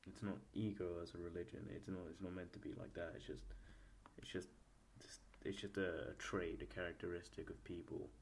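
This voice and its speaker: A man hosting a solo podcast, thinking aloud in a halting, rambling way with many restarts, his voice a little posh and nasal. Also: low voice, gravelly, a little hiss or hum. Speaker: podcast host. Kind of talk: solo reflective podcast monologue.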